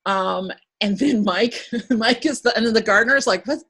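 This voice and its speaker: A woman host chatting casually on a podcast. She retells scenes in an animated way, slips into acted-out quotes and laughs often. Her voice sits at a middle pitch. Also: normal speed, slightly rough.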